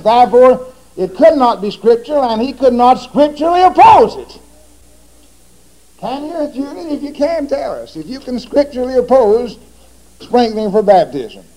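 A man's voice: high-pitched, warm tone, rough recording. A man giving a formal religious debate speech, pressing his opponent with repeated rhetorical questions.

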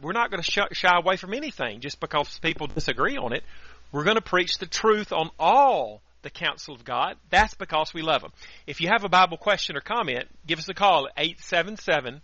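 A male radio preacher gives a steady, earnest sermon and works scripture into it. His voice is bright and forceful and sits a little high. The audio is dry and dull, with a lo-fi radio sound. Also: fairly quick, no echo.

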